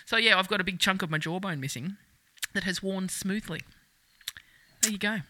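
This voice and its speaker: An Australian woman in her thirties, cohosting a loose, foul-mouthed chat. She laughs through her stories and puts on the voices of the people in them. Her voice is very bright, and the sound is dry and close. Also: medium pitch, normal speed, no echo. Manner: crude, laughing, animated storyteller who acts out quotes. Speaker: podcast co-host. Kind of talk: casual chat.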